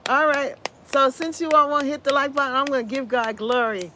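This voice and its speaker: Her voice is high-pitched, pushed and bright, with fairly even intonation and a slightly quick pace. The woman, a gardening channel host with a scratchy quality, chats with livestream viewers and reads their comments, upbeat and effusive, full of repeated phrases and cries of "hallelujah."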